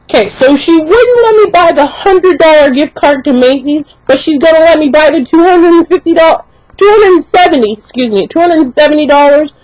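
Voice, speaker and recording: A young woman vlogger telling an exasperated, animated story in casual chat, full of "like" fillers. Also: high-pitched, no echo, low-quality recording. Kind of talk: casual ranting story to camera.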